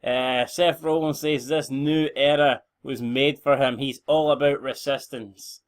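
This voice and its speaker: A man's voice: medium pitch, fairly even intonation, unhurried. A young Scottish man giving rambling, blunt, sweary commentary on a game he is playing. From Scotland. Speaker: gaming channel host.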